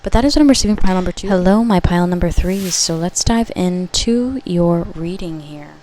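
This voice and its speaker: A woman with a slightly low voice talks viewers through a pick-a-card tarot reading. Her delivery is relaxed and chatty, with frequent "okay?" check-ins and quick self-corrections. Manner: conversational, frequent checks like "okay?", corrects herself mid-sentence. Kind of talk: pick-a-card collective reading, casual spoken.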